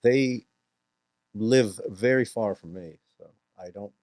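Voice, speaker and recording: A man from the Philippines, an actor being interviewed, answering with wry, deadpan quips. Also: on the low side, takes it slowly, no echo. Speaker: actor, guest. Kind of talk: casual interview chat.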